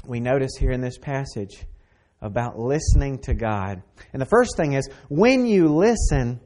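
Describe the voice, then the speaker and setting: A man preaching a sermon, earnest and emphatic, repeating phrases and swinging between loud and soft. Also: a little high, very animated, normal speed. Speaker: pastor.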